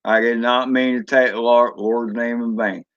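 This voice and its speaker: A man's voice: mid-range voice, little pitch movement, normal speed, a bit bright, muffled recording. A man chatting casually on a drone hobby live stream, rambling and answering viewers as he goes. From Florida. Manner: rambling, chatty, reads chat aloud.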